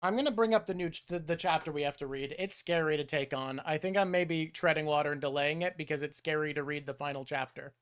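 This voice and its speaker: A man's voice: fairly high pitch, fast, hardly any pauses, a bit bright, clean tone. A man hosting a casual chat with his mother, rambling and self-deprecating. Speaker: host.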